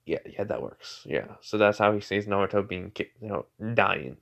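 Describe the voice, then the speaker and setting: Man, rambling fan story, lots of filler words, self-corrections, somewhat low voice. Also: expressive, normal speed, vocal fry, fairly bright tone, slight background noise. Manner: rambling, full of "like" and "you know", corrects himself often. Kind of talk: casual improvised storytelling.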